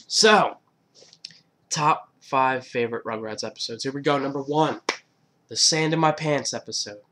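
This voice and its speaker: A man's voice: mid-range voice, normal speed, fairly bright tone, a little hiss or hum. A man in his twenties talking casually in a countdown vlog, loose and joking, with swearing and laughs at himself. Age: 20s. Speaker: YouTuber.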